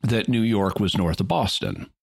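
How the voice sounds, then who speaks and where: A man with a very low voice talks through a point in a relaxed podcast chat. He explains at length, often stopping to rephrase as he goes. The sound is dry and close. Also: moderate pace, creaky, breathy edge, dry recording. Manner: thoughtful, explanatory, with restarts. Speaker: podcast co-host. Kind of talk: casual discussion. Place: lives in the Ozarks.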